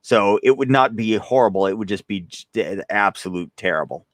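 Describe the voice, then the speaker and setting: A man's voice: fairly low pitch, fairly quick, no room sound. A young man casually chatting on a live stream as a host, rambling and self-deprecating, often laughing while reading chat. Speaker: gun channel host.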